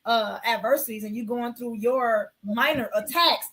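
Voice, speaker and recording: A woman with a slightly high voice speaks on a faith talk show as a guest nurse. She tells her testimony in an animated, conversational way and acts out the dialogue of the people in her story. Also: moderate pace.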